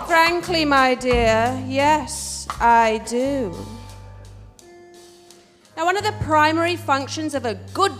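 A woman with an English accent telling a personal story on stage in a wry, expressive way. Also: high-pitched, takes it slowly, in a large hall, soft background music. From England. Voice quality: wry, expressive, switches between posh and street voices.

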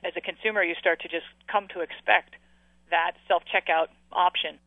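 A woman research director explaining things briskly in a phone interview. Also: lowish voice, steady tone, gravelly, dry recording. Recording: tinny phone line.

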